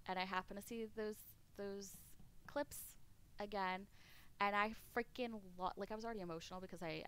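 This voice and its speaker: A woman's voice: on the low side, a bit bright, a little hiss or hum. A woman streamer chatting casually while gaming, rambling and candid, laughing often and swearing offhandedly.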